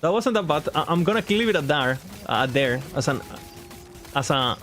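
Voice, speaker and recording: A rambling, self-mocking man talks his way through a game on a casual live stream, his voice sitting a touch higher than most men's. He chats loosely with his viewers as host and breaks into laughter at his own jokes. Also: expressive, brisk, fairly bright tone, faint music behind. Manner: rambling, chatty, laughs at himself.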